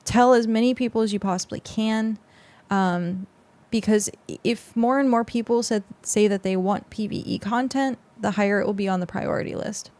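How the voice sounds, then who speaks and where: A woman's voice: medium pitch, normal speed, few pauses, a little mellow. A young adult woman streamer chatting casually with her viewers on a close mic, rambling with lots of fillers. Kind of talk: casual livestream chat with viewers.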